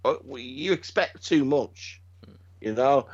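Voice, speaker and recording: A middle-aged man, chatting casually as a podcast co-host and telling stories in an animated, sweary way. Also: mid-range voice, slow. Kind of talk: casual chat. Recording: dull lo-fi sound.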